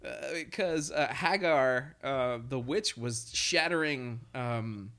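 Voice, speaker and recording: A man's voice: medium pitch, takes it slowly, fairly bright tone. A man in casual chat who swears and laughs often and acts out lines he quotes.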